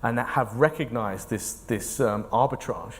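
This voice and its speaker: A man's voice: mid-range voice, normal speed. A man, an investment fund manager, giving earnest, explanatory answers in an onstage interview and thinking aloud as he speaks. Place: large conference hall. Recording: echoey hall reverb.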